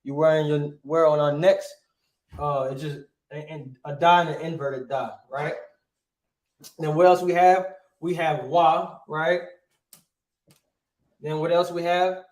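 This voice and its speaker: A man's voice: a little high, fairly even intonation, a little slow, pauses often, echoey room. A man teaching a lesson, asking rhetorical questions and punctuating points with emphatic asides. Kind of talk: classroom lesson.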